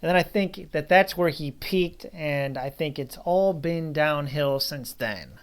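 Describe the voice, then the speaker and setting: A man's voice: on the high side, unhurried, clean tone. A man talks through a film review in a loose, unscripted way. He is blunt and dismissive, and he keeps drifting into asides before circling back. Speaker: movie reviewer. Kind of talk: casual spoken film review.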